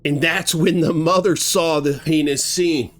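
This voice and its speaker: A man telling a grim story casually, animated and conversational, acting out sounds as he goes. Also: a little high, unhurried, faint music behind.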